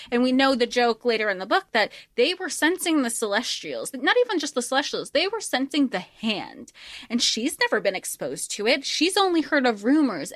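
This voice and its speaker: A woman's voice: fairly high pitch, pushed and bright, no echo, studio quality. A woman co-hosting a book podcast, talking animatedly and acting out characters' lines. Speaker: podcast co-host. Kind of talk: casual book discussion.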